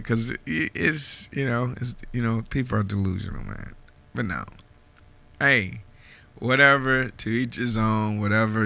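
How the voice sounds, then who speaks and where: A man's voice: fairly low pitch, pushed and bright, dry recording. A man in his fifties hosting a radio show, chatting casually with listeners, laughing often and filling his talk with "man" and "you know.". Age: 50s. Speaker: radio host. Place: radio studio.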